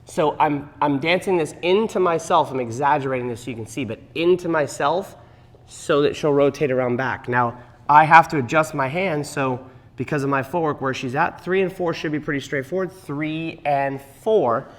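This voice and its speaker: A man's voice: on the high side, moderate pace. A man teaching a partner dance class, explaining moves and counting the beats aloud. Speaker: dance instructor. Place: dance studio. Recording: long hall reverb.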